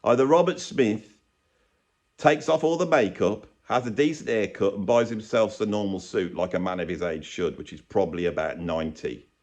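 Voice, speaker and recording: A man's voice: on the low side, normal speed, darkish tone. A man ranting sarcastically in a rambling vlog, filmed in a room with bare brick walls. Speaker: YouTuber and drummer.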